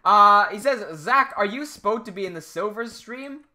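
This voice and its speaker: A man's voice: sits high, normal speed, sharp tone. A young adult man chatting casually on a live stream while gaming, rambling and often cutting himself off. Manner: rambling, self-interrupting, reads chat aloud.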